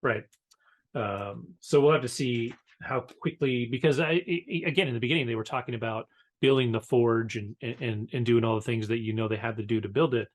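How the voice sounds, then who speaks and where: A man's voice: mid-range voice, a little fast. A man co-hosting a podcast in casual chat, hesitant with many fillers. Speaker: podcast co-host.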